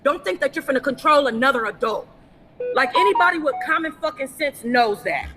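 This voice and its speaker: A woman on a phone livestream from inside a fast-food restaurant, cursing and confronting someone in an angry rant. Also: sits high, animated. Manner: profane, confrontational, repetitive shouting. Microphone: phone held for a livestream.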